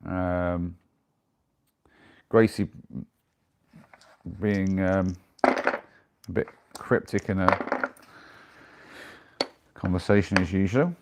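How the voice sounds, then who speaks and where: A man's voice: low voice, steady tone, very slow, pauses often. A man chatting casually on a live stream and answering viewer messages as they come in. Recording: noisy with clicks.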